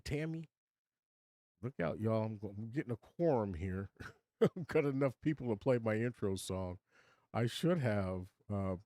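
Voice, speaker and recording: Rambling older man, low and mellow. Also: no room sound, studio quality. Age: 60s. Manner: rambling, chatty, self-deprecating, with many restarts. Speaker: livestream host. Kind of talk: casual livestream chat with viewers. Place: home studio.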